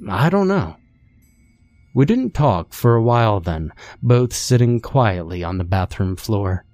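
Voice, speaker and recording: A man narrates a horror story in a calm, measured reading. His voice is very low and he takes his time with each line. Faint music plays underneath. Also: no room sound.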